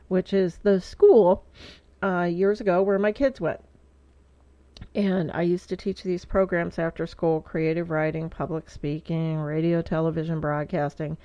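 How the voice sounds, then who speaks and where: A woman's voice: fairly low pitch, steady tone, a little slow, warm tone, dry recording. Teary, stuffy-nosed middle-aged woman vlogging. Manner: rambling, lots of fillers. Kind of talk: casual heartfelt monologue. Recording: dull lo-fi dry sound.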